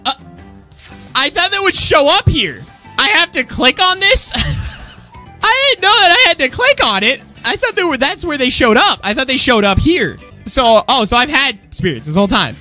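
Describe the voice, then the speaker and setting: A woman commenting on her own gameplay, excitable and slangy, often yelling at the screen. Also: a little high. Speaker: gaming channel host. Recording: loud game music behind voice. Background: game music.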